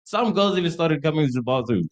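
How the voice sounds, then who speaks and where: A young man co-hosts a podcast in a lively, fairly high voice at a quick pace. He casually tells a party story, acts out quotes in a raised voice, and laughs often.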